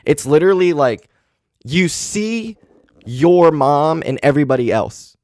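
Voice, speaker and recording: A man's voice: fairly high pitch, lively intonation, measured pace, darkish tone, dry recording, clean studio sound. Young man grieving on his podcast. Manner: candid, grieving, heavy swearing and fillers. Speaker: podcast host. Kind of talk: casual solo podcast monologue. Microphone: handheld podcast mic.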